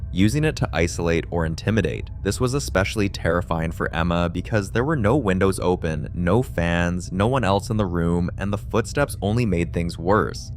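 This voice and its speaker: Deep-voiced man narrating. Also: slight background noise. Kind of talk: scripted narration.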